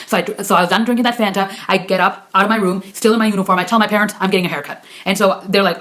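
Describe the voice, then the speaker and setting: A young woman telling a personal story in a casual vlog, talking quickly with lots of fillers and the odd swear word. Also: medium pitch, fairly bright tone. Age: young adult. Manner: rapid chatty storytelling full of fillers and swearing. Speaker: vlogger.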